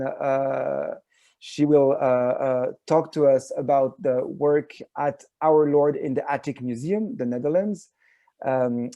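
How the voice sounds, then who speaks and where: A man moderating an online panel on a video call. He pauses often and fills the gaps with many "uh" and "um" sounds. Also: mid-range voice, vocal fry, warm tone, no echo. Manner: hesitant, many filler sounds.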